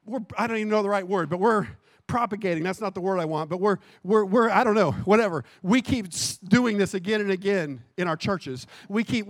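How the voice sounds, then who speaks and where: A man giving a sermon as pastor. He talks casually and corrects himself, then builds to impassioned shouting. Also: high voice, no echo, clean studio sound. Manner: impassioned preaching that swells to shouting; conversational and self-correcting, with jokes.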